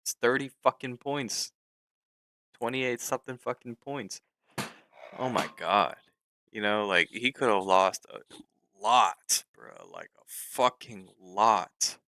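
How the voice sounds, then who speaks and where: A man's voice: fairly low pitch, expressive, pushed and bright, no room sound, low-quality recording. Exasperated young man swearing at his trades. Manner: frustrated, swearing, exclamatory, slow drawn-out outbursts. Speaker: livestreaming futures trader. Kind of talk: live trading stream commentary.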